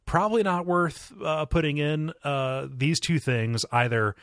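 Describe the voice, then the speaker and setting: A man's voice: fairly high pitch, measured pace, fairly bright tone, no echo, clean studio sound. Laughing, rambling man on a podcast. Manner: rambling, laughs often, many restarts. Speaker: podcast co-host. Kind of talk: casual chat.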